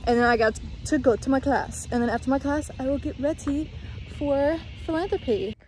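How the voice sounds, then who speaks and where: A chatty young woman with a lilt, vlogging about her day into a phone at arm's length. Her voice sits a little high. A faint hum of noise runs under it. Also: normal speed, darkish tone. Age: young adult. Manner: chatty, upbeat, says "like" often. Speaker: vlogger, college student. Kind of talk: casual vlog chat.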